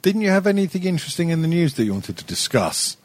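Male podcast co-host, tipsy, husky and animated, rambling and sweary. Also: a little high, fast talker. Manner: sweary, rambling, hesitant with many ums. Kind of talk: casual chat.

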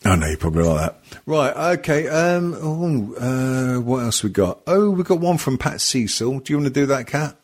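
A man with a husky voice hosts a loose, rambling comedy podcast. He swears freely and laughs often, and his pitch swings up and down with a lot of life. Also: big pitch swings, normal speed, few pauses. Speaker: podcast host. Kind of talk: casual comedy podcast chat.

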